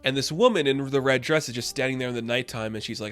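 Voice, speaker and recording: A man giving a casual, rambling recap and review of a TV episode, with lots of fillers and excited asides. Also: mid-range voice, quick pace, hardly any pauses, faint music behind.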